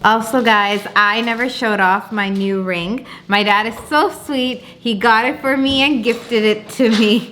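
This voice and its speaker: A woman's voice: fairly high pitch, unhurried, few pauses, a bit bright, slight background noise. A young woman in her twenties chatting casually to the camera at home in a bubbly, giggly way. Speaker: vlogger. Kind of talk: casual vlog chat. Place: family home, indoors.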